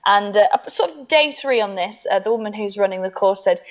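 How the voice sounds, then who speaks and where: Woman, casual self-deprecating storyteller, many fillers, mid pitch, dull lo-fi video call sound. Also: expressive, brisk, few pauses. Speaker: comedian guest.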